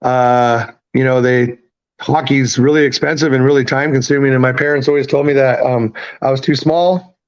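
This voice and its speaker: A man's voice: mid-range voice, steady tone, normal speed, muffled recording. A man in his fifties from Canada, a podcast guest telling stories in a candid, profane, laid-back way with lots of fillers. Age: 50s. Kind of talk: casual storytelling.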